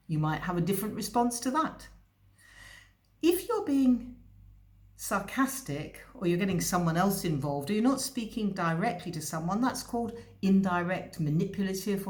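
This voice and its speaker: A woman's voice: on the low side, a little mellow. A woman host giving a conversational educational talk, explaining and speaking directly to the listener. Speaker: psychologist host. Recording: echoey room.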